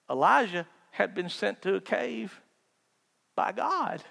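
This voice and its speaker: Guy preaching, high voice, gets loud then hushed, big echoey hall. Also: slow, gravelly. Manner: animated storytelling, acts out voices, swings from loud to hushed. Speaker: pastor. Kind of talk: sermon. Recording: hall reverb.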